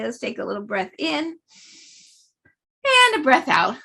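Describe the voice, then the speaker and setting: A woman's voice: high voice, big pitch swings, measured pace, gravelly, long pauses, sharp tone, husky. A middle-aged woman leading a laughter yoga class, cheerful and full of laughter and chanting. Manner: bubbly, frequent laughter and chanting. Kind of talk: guided group exercise over video.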